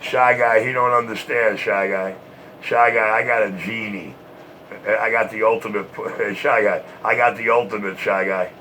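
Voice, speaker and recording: A man's voice: on the low side, steady tone, moderate pace, noisy background. A man trash-talking and taunting in a repetitive, boastful way, short of breath from smoking.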